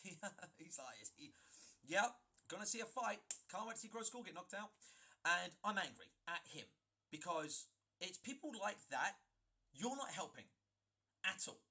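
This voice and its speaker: A man recounting a story for his vlog, emphatic and often restarting his sentences. His voice is husky and fairly high, with a bright edge. His pitch swings widely as he talks. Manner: animated, emphatic, frequent restarts. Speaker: gaming video creator.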